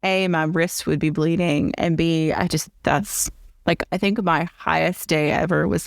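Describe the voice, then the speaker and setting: A woman's voice: deep voice, fairly even intonation, measured pace, gravelly, no room sound, clean studio sound. A woman from the American South with a Southern accent, hosting a podcast interview and chatting casually. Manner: chatty, thinks aloud with restarts. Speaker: podcast host.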